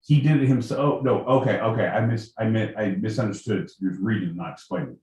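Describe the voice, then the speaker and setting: A man's voice: fairly low pitch, brisk, darkish tone. A man co-hosting a casual comedic podcast, joking, swearing and interrupting. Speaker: co-host. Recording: roomy, away from mic.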